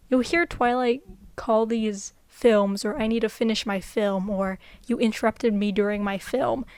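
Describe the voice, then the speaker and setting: A woman's voice: on the high side, no room sound. A young woman vlogger giving unscripted casual commentary, chatty and rambling, laughing often.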